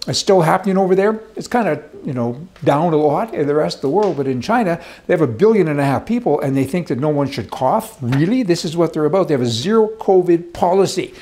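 Ranting man with a higher voice. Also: lively intonation, fast talker, hardly any pauses, mellow. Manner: ranting, emphatic, rambling. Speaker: political commentator. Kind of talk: opinionated political commentary. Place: indoors beside a fireplace.

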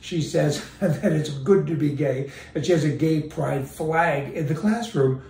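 Man, casual sarcastic commentator, gravelly voice, recorded in an echoey room away from the mic. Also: on the high side, unhurried, darkish tone, distant mic. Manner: sarcastic, storytelling with quoted dialogue. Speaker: political commentator. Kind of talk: casual political rant.

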